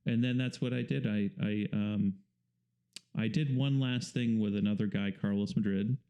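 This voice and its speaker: Low gravelly man explaining in a relaxed way. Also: normal speed. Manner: relaxed, explanatory, rambling with fillers. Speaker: guest painter. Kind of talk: casual interview talk.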